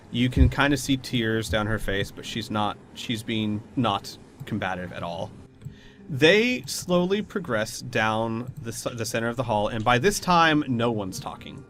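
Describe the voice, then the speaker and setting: A man's voice: medium pitch, animated, unhurried, fairly bright tone, a little hiss or hum. Chatty man narrating as game master. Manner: descriptive, chatty, laughs easily, explains rules. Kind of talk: narrating a tabletop role-playing game.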